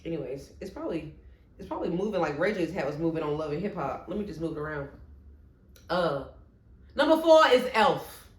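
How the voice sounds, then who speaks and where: A woman vlogger ranking her favorite movies in casual chat, expressive, with playful asides. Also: low-pitched, fairly quick. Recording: echoey room.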